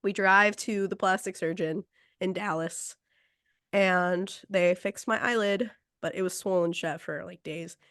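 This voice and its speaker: Lively woman telling a story, dry sound. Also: on the low side, unhurried, no echo. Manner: lively, quotes people in the story, laughs between lines. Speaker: podcast host. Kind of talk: casual storytelling.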